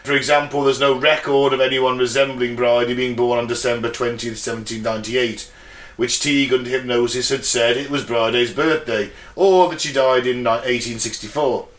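A man's voice: mid-range voice, steady tone, moderate pace, a bit bright. An English man co-hosting a podcast, reading out a case from notes and laughing along with friends. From England. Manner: laughs often, reads notes then riffs. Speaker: podcast co-host. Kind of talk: casual chat, reading out a case. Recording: echoey room.

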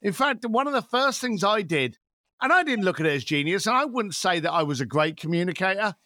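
A man's voice: high-pitched, very animated, brisk, bright, forceful tone, no room sound, studio quality. A man in his fifties, a podcast guest telling stories in a blunt, swearing, rant-like way. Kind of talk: podcast interview.

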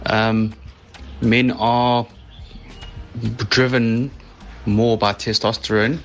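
Measured South African man caller. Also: mid-range voice, little pitch movement, a bit bright. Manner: measured, hesitant with ums. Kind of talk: radio call-in.

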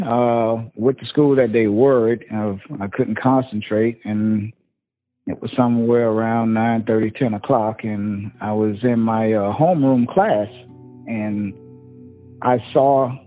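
A man recounts a painful memory of losing his sister, halting and full of pauses. His voice comes through a thin, tinny phone-like line. There is faint music underneath. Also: medium pitch. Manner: halting, emotional retelling with many fillers. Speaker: brother of victim, interviewee.

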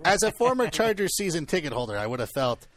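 A man's voice: on the high side, sing-song, fast talker. A man co-hosting a casual talk show, mocking in tone and mimicking others in playful asides. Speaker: podcast co-host.

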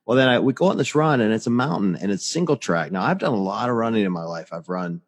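Deep-voiced man in his forties, blunt. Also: animated, fast, slightly rough, big-room sound. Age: 40s. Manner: blunt, swears freely, laughs at own stories. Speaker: podcast host. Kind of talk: casual chat.

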